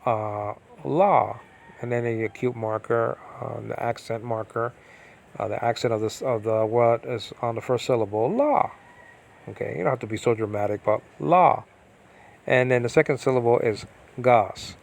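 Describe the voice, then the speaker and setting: A man's voice: medium pitch, steady tone, normal speed, creaky, a little mellow, poor audio. A man teaching Biblical Greek grammar from home in a casual, rambling way, full of fillers and asides. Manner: rambling, talks to himself, many fillers. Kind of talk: casual online lesson. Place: at home during a storm.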